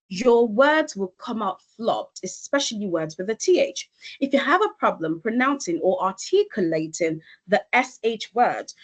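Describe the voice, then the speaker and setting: A woman elocution coach giving an online presentation over a video call, speaking deliberately and with emphasis. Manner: deliberate, emphatic, with lively pitch shifts.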